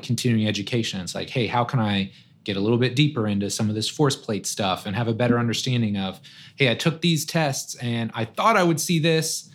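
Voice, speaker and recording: A man's voice: mid-range voice, a bit bright. Easygoing man talking shop. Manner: conversational, peppers speech with "man" and "right?". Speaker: guest, strength coach. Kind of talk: casual podcast conversation.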